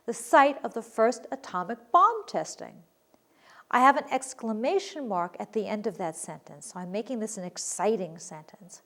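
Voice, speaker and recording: A woman teaching a recorded grammar lesson, explaining clearly and deliberately and reading her examples with emphasis. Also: on the high side.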